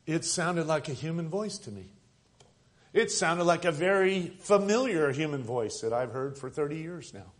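A man preaching a sermon as pastor at a church service, swinging from loud emphatic lines to soft, hushed ones. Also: fairly high pitch.

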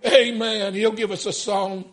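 A man preaching, retelling a story in folksy speech and building to fervent, near-shouted peaks. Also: high voice, little pitch movement, measured pace. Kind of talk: storytelling sermon.

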